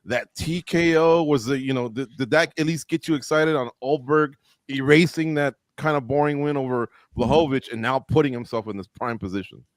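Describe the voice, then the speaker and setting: A man hosting a casual roundtable talk show, jokey and animated, joking at his own expense. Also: medium pitch, fairly quick, no echo, studio quality. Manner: jokey, animated, self-deprecating. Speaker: host.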